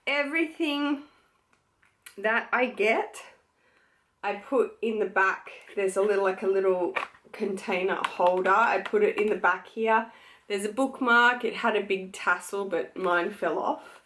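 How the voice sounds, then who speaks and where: Chatty, unhurried Australian woman vlogger. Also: mid-range voice, fairly bright tone. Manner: chatty, gushing, many fillers. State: pregnant. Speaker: beauty vlogger. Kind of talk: casual chat to camera.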